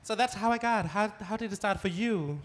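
A man's voice: high voice, a little fast, a crowd in the background. A man performing as a drag queen on stage, tossing out sassy, bawdy quips. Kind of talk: campy stage banter. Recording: noisy, distant stage audio.

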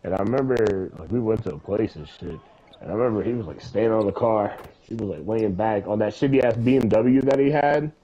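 A young man telling a story in casual chat, profane and rambling, with an animated way of retelling. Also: fairly low pitch, a little fast. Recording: dull lo-fi recording.

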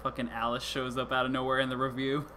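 A man's voice: mid-range voice, monotone, quick pace, pushed and bright, slight background noise. A man giving casual, joking let's-play commentary, swearing often and restarting his sentences. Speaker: gamer playing through a game.

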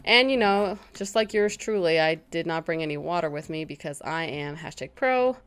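A woman hosting a casual let's-play, chatty and self-mocking, quickly startled into yelps. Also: low-pitched, animated, fairly bright tone, clear, resonant tone. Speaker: gaming channel host.

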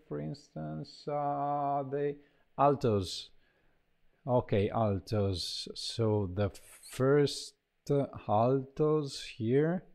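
A man walks through a choir sample library, talking casually and haltingly with many fillers and restarts. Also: medium pitch, gravelly, darkish tone. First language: Italian. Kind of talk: casual software walkthrough.

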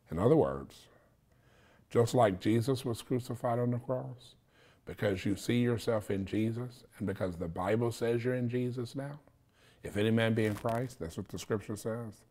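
Guy preaching, kinda low voice, says the same thing over and over, keeps asking okay?. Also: darkish tone. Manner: repetitive, insistent teaching with frequent "okay?" check-ins. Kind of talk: sermon.

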